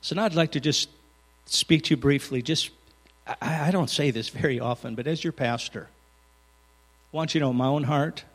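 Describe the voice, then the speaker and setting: High-voiced pastor preaching in a reverberant hall. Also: male voice, moderate pace, pauses often. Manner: earnest, swings from loud emphasis to hushed. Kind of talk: sermon.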